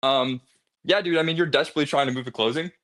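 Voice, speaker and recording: Fast, bright, profane male debater. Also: fairly high pitch. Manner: aggressive, profane, mocking. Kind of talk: heated online debate.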